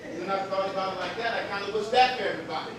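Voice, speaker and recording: Man, high-voiced, casual slangy stage monologue, mic far off, audience behind. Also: rapid-fire, a crowd in the background. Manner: conversational storytelling with slang, repeats and voice shifts. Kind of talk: live comic monologue. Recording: echoey hall from far off with audience.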